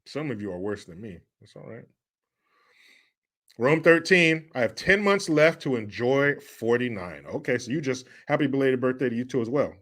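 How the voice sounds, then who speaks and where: Loud, joking male livestream host. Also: mid-range voice, animated, moderate pace. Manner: loud, profane banter with frequent laughter; teasing rival sports fans. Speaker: livestream host reading chat. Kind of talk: casual chat.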